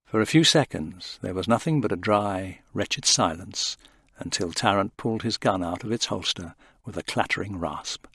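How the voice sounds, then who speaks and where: A man's voice: lowish voice, lively intonation, a little slow, gravelly, a bit bright, husky, dry recording, studio quality. Man narrating a tense sci-fi story. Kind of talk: audiobook narration.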